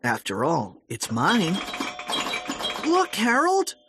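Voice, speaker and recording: A man's voice: a little high, huge pitch swings, takes it slowly, background noise, voice pushed up, heavily acted. A man voicing a cocky, eager young boy in an audiobook. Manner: boastful and eager. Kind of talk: audiobook character voice.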